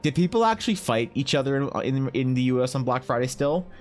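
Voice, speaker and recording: A man's voice: medium pitch, lively intonation, a little fast. A young Canadian man streaming, chatting loosely and profanely while answering his chat. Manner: rambling, loose and profane, reads chat aloud. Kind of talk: casual chat while drawing.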